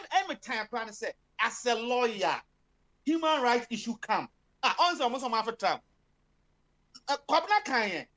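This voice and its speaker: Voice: mid-range voice, fairly bright tone. A speaker with a Ghanaian accent giving impassioned political commentary, switching between Twi and English with many fillers and emphatic bursts.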